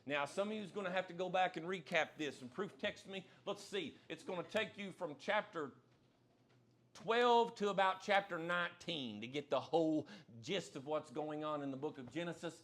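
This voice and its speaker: Pastor: man preaching to a live congregation, higher voice, folksy, hammers his key lines. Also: moderate pace, a bit bright. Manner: emphatic, repeats key phrases, folksy humor. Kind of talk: sermon. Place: church sanctuary, live service.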